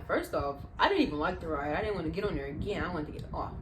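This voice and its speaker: A young adult woman, a vlogger, telling casual, animated, slang-filled stories in storytime style. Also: lowish voice, fast, few pauses, noisy background. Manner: chatty, slangy, animated retelling.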